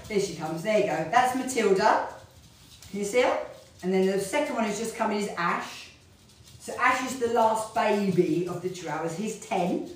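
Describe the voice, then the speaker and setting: A woman's voice: medium pitch, moderate pace. A middle-aged woman, a fitness instructor, chatting in a rambling way while she hula hoops in her home studio. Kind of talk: casual chat while hula hooping. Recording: very echoey room, voice from a distance.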